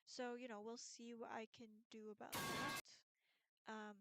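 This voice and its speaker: A woman's voice: fairly high pitch, little pitch movement, unhurried, over loud music. A young woman from Pennsylvania chatting casually to camera on her vlog, with lots of ums and likes. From Pennsylvania, USA. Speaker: YouTuber.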